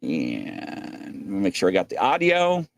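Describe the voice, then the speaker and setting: A male host chats casually, rambling and filling pauses while he searches for clips. His intonation moves around a lot. The sound is dry and close. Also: low voice, wildly swooping pitch, no echo. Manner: rambling with many fillers. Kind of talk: casual show chat.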